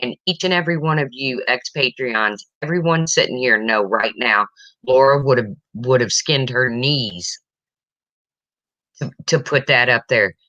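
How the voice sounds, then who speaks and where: A woman's voice: extremely low pitch, measured pace, bright, forceful tone, no room sound, dull audio. Emotional woman hosting a livestream. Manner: emotional, reads chat comments aloud. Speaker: livestream host. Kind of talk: casual livestream chat.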